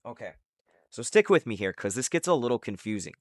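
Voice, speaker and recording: A man's voice: mid-range voice, very animated, brisk, dry recording. A man with an ordinary mid-range voice walks through a comic's story in a casual chat. He rambles loosely and leans on filler words. The recording is close and dry, with no room sound. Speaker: comic recap host. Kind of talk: casual comic book recap.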